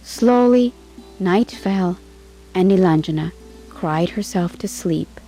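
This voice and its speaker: A woman narrating a fairy tale in a measured storybook manner. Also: lowish voice, dark tone. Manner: slow and measured. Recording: faint music behind.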